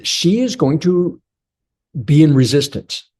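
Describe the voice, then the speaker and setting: A man's voice: a little high, expressive, slow, darkish tone. A man giving a blunt, direct motivational coaching talk to other men about relationships, speaking straight to his listeners as brothers.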